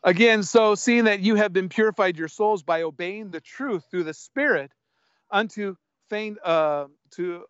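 Older guy preaching, pretty high voice, blunt and chatty, dull dry lo-fi sound. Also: clear, resonant tone, no room sound. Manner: blunt, conversational preaching with scripture reading. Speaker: pastor. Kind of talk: sermon.

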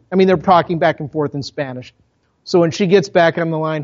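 A pastor from Minnesota with a Minnesotan accent, preaching a sermon in a conversational storytelling way, full of asides to the congregation. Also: male voice, a little high, quick pace, darkish tone, muffled recording. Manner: conversational, with self-interrupting asides.

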